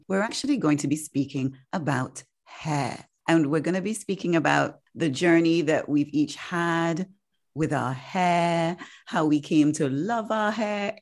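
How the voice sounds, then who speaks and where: A woman's voice: on the low side, moderate pace. A woman hosting a casual podcast chat, chatty and emphatic, often laughing. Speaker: podcast host.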